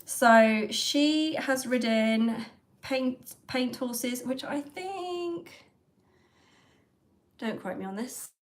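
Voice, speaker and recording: A woman's voice: high-pitched, lively intonation, very slow. Chatty woman, rambling livestream host. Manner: chatty, rambling, with frequent ums and laughs. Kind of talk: casual chat about an author.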